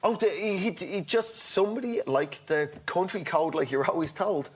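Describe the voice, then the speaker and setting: This comedian on a talk show has a high, expressive voice with a breathy edge. His long anecdote comes out rambling and halting, with many restarts and impressions of the people involved.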